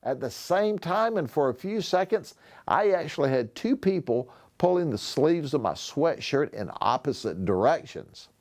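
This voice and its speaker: A man reading a children's novel aloud, taking his time over each sentence. His delivery is expressive, with a lively, swinging pitch at a mid-range level. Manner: expressive storytelling. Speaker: sheriff.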